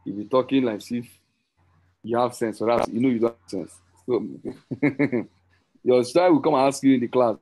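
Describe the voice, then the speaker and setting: A man giving an excited, rambling sales pitch on an online call, repeating and correcting himself as he goes. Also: moderate pace, long pauses, low-quality recording. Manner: rambling, repetitive, self-correcting, teasing. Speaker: crypto promoter hosting a group call.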